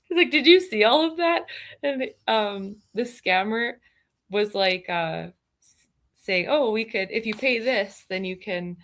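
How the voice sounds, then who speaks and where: A woman's voice: on the low side, fairly bright tone. A woman chatting casually, telling a funny story with lots of fillers and laughter. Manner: giggly storytelling, many fillers. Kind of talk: casual chat.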